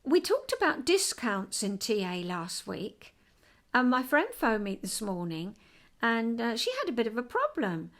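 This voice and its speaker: An older woman hosting a casual home vlog, chatty and rambling and quick to get excited. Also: a little high. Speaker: vlog host.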